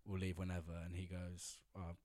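A man's voice: sits low, completely flat delivery, a little fast, mellow. A man telling a long rambling anecdote in casual chat, with lots of fillers and laughter. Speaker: storyteller guest.

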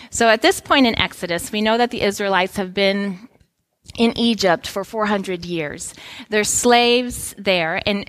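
Woman pastor in her thirties; animated storytelling sermon, mid-pitched voice. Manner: lively storytelling, animated quotes.

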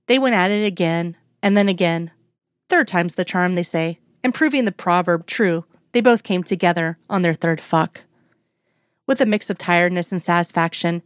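A woman reading a story aloud in a steady, measured way. Her voice sits somewhat low. The recording is close and dry, with no room sound. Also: no echo. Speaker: narrator. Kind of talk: audiobook-style story reading.

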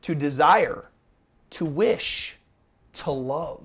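A man preaching a sermon as pastor, emphatic, dropping to a hush and rising to near shouts. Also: sits high, big pitch swings, takes it slowly, creaky, husky.

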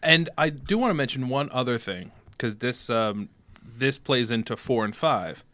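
A man's voice: medium pitch, expressive, moderate pace, a bit bright, dry recording. A man co-hosting a podcast, animatedly recounting movie plot details in casual discussion. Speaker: podcast co-host.

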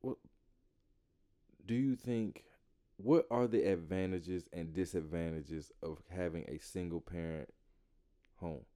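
A man in casual conversation, co-hosting a talk show, lively and swearing freely as he acts out quotes. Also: low-pitched, slow pace, long pauses, smooth. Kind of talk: casual chat.

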